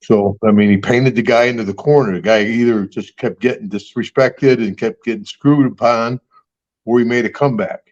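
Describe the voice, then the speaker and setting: A man's voice: mid-range voice, fairly even intonation, normal speed, darkish tone, lo-fi sound. Chuckling older man telling stories. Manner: rambling, chuckling, folksy storyteller. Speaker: guest and star of the show. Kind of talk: casual storytelling interview.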